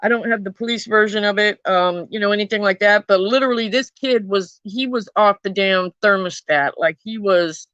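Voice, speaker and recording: A woman's voice: medium pitch, normal speed, few pauses, a bit bright, no echo, highs cut off. A woman telling a true crime story in a casual, chatty way, swearing freely and talking to her viewers.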